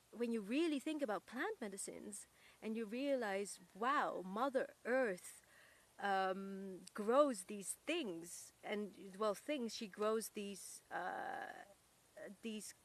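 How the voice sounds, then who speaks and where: Earnest woman musing in an interview. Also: mid-range voice. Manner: earnest and searching, pausing to find words. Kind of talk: reflective interview talk.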